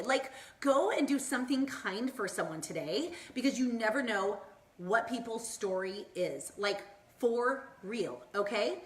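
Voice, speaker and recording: A woman's voice: on the high side, lively intonation, unhurried, echoey room. A woman in her thirties from Southern California chatting on a live stream, bubbly and encouraging, wandering off on tangents and acting out quoted lines. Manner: bubbly, tangent-prone, acts out quoted voices. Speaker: wellness vlogger. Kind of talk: upbeat motivational Facebook Live chat. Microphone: phone or laptop mic, live stream.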